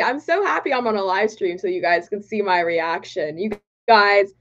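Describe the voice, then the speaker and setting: A young woman from Dallas with a Texan accent, chatting excitably on a livestream and reading viewer comments aloud. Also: mid-range voice, normal speed. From Texas, Dallas. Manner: bubbly and excitable, reads chat aloud. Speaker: political vlogger. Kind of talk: casual livestream chat. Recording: dull lo-fi livestream audio.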